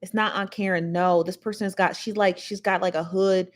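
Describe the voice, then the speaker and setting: A woman's voice: mid-range voice, fairly even intonation, brisk. A woman hosting a casual livestream, rambling and chatty as she talks straight to her viewers. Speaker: show host.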